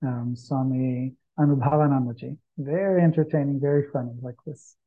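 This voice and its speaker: A man chanting verses slowly, then explaining them in relaxed, anecdotal talk with non-native English phrasing. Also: mid-range voice. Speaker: spiritual teacher. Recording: dull lo-fi recording.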